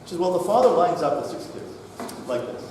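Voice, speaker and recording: A man's voice: on the high side, quick pace, slight background noise. A middle-aged man, a rabbi, telling a story to a congregation in a synagogue hall and acting out the dialogue. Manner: animated storyteller, acts out dialogue. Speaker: rabbi giving a talk. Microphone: distant mic, far from the speaker. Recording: echoey hall recorded from far off.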